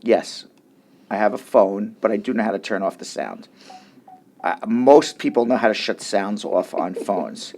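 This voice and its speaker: A man's voice: fairly low pitch, a little slow, creaky, darkish tone, slight background noise. A middle-aged man, an immigration attorney and show host, bantering casually on a radio talk show and often restarting his sentences. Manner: chatty, joking, restarts sentences.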